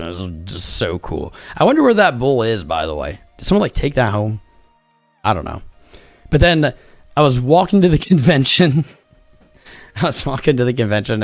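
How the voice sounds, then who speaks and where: Male stream host, worn out, low-pitched, loose rambling delivery with faint music under him. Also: no room sound. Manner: rambling, jokey, trailing off. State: tired. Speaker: crypto livestream host. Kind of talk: casual livestream chat.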